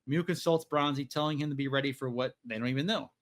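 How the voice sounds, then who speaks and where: A man's voice: medium pitch, fast. Rambling man recapping a novel. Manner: rambling, filler-heavy, swears casually. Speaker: podcast host. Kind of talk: casual book recap.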